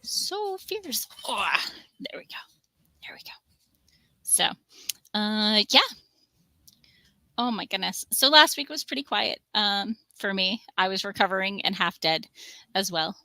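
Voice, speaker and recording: A woman's voice: medium pitch, measured pace, long pauses, sharp tone, no room sound. A woman hosting a casual livestream, talking in a chatty, rambling way and cooing at her cat now and then. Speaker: livestream host.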